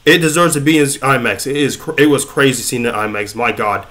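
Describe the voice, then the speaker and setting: A young man hosting a casual news vlog, reading a story and then rambling excitedly in slang, often stumbling over his words. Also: medium pitch, fairly quick. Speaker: YouTube news host.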